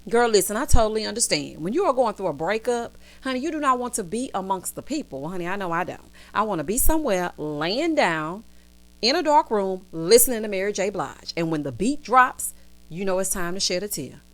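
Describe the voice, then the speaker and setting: Sassy, animated woman recapping TV. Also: medium pitch, brisk. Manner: sassy, playful, full of asides. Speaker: TV recap vlogger. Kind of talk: casual chatty review.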